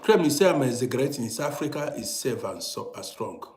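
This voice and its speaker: A man's voice: mid-range voice, big pitch swings, fairly quick, darkish tone. A man with a Nigerian accent giving an emphatic, ranting commentary to his viewers, firing off rhetorical questions again and again. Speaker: vlogger. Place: indoors in Europe. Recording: roomy echoey room sound.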